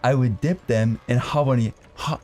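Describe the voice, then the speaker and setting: A young man telling a crude comic story on a podcast, animated and full of swearing. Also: medium pitch, moderate pace. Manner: animated, swears a lot, acts out quotes. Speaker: podcast co-host.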